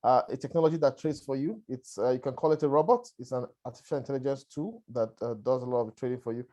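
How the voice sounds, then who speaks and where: A man's voice: mid-range voice, quick pace, mellow. Coughing man presenting on a call. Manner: conversational, repetitive, checks in with "all right" and "right". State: has a lingering cough. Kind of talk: webinar presentation.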